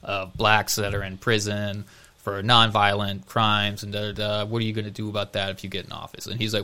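Bright-voiced man telling stories casually. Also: on the low side, flat delivery, brisk. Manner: chatty storyteller, acts out quotes. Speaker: podcast co-host. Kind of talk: casual chat.

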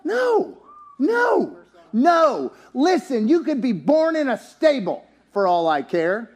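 A man preaching a sermon in a church, animated and joking, rising to shouts at his peaks. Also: very high-pitched, measured pace. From US, town near country. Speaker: pastor.

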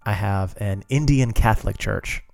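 Man, podcast co-host, joking banter, lowish mellow voice, faint music behind. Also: moderate pace, gravelly. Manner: jokey, laughs often, swears. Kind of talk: casual banter.

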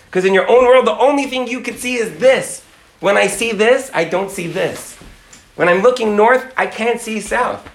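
A man giving a storytelling talk about relationships, speaking in an animated way and acting out quotes, with lots of "like" fillers. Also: a little high, vocal fry. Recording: roomy echo.

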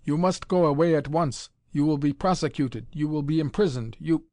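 A man voicing an excitable young male lab assistant, speaking stilted, agitated English in an audiobook. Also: fairly high pitch, normal speed, no echo, pitched above the performer's own voice, lightly acted. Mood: angry. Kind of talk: audiobook character voice.

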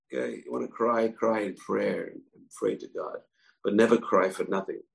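A man's voice: on the low side, steady tone, normal speed, creaky, rough recording. A man giving an informal, emphatic Jewish history lesson, often repeating words for stress. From family from Babylon, moved to Israel. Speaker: Jewish teacher.

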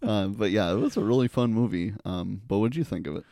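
A man's voice: fairly low pitch, lively intonation, fairly quick, gravelly, mellow, no room sound, clean studio sound. A young man on a podcast, laid-back and chuckling, talking casually about growing up. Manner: laid-back, short agreeing replies, chuckles. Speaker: podcast co-host.

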